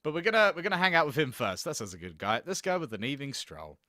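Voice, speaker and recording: Animated swearing gamer. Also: male voice, a little high, fast. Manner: animated, swearing, laughing often. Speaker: gaming channel host. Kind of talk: let's play commentary.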